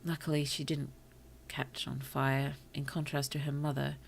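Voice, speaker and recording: A woman streamer reading short stories aloud to her chat, slow and careful, with apologetic asides between passages. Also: a bass voice, flat delivery, creaky, slight background noise. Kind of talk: story reading on a livestream.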